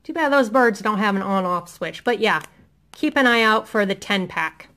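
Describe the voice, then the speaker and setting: A middle-aged woman from Indiana, USA, animatedly shows off a product haul from home in a casual vlog, her enthusiasm punctuated by lots of ums. Her mid-range voice sounds pushed and bright, at a moderate pace.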